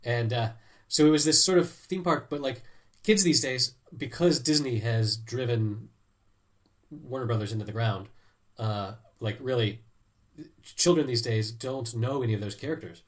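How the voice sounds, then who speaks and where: A man's voice: medium pitch, normal speed. A man hosting a podcast, talking casually in a rambling, chatty way. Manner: chatty, rambling, many restarts. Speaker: podcast host. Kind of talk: casual chat.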